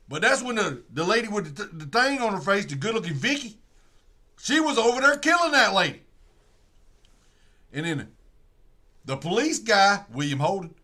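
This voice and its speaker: A man with a bright, forceful voice pitched a little high retells a movie he watched. He rambles and corrects himself, and he drops low to act out the characters' lines. The tone is casual livestream chat. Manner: rambling storytelling, acts out quotes in a low voice. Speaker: livestream host.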